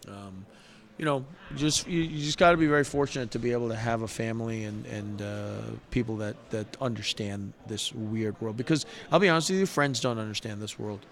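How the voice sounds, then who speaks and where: This middle-aged poker player talks fairly quickly in a mid-range voice while guesting on a show. He tells stories from his own life with warmth and sincerity, growing animated and starting over many times as he goes.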